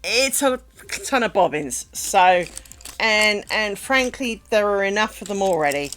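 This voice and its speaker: An Englishwoman with a light London-ish accent chats casually on a live stream while making lace, with soft music in the background. Her mid-range voice is a bit bright, unhurried and lively in intonation, and she rambles and mutters to herself as she works.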